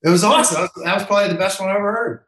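Male guest, anecdote teller, bright voice, roomy sound. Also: sits high, rapid-fire. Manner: animated, acts out quotes with raised voice. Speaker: MLB umpire guest. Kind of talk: storytelling in interview.

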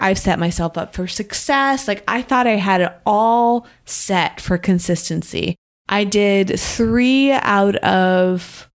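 A woman who makes online videos, talking frankly and reflectively in a casual interview. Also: mid-range voice. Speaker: YouTuber and guest.

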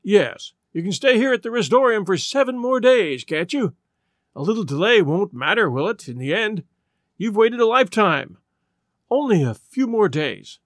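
A man reading a storybook, voicing a smooth, placating middle-aged man with an oily, evasive manner. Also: high voice, expressive, normal speed, no room sound, studio quality. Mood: soothing.

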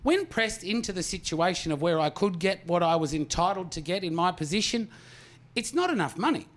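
Man, forties, Australian accent, stand-up comic, high-pitched, swearing, chatty crowd asides. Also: animated, brisk. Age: 40s. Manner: swearing, loose storytelling with audience asides. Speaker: stand-up comedian. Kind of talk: stand-up comedy routine with crowd work.

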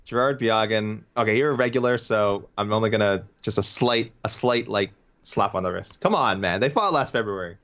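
A man's voice: fairly low pitch, normal speed, fairly bright tone, lo-fi sound. A man co-hosting a casual sports talk show, bantering with mock exasperation. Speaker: podcast co-host. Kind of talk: casual chat.

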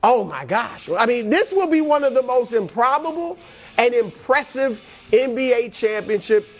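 A man's voice: very high voice, lively intonation, moderate pace. A man co-hosting a sports talk show, delivering a hyped-up motivational list straight to the players. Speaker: co-host.

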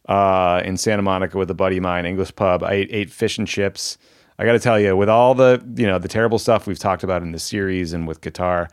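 Relaxed low-voiced American man. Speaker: podcast co-host. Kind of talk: casual podcast chat.

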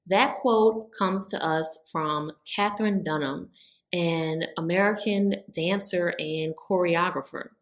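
A woman's voice: on the low side, takes it slowly. A woman co-hosting a podcast, reflective and repeating words for emphasis. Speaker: podcast co-host. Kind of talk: casual podcast chat.

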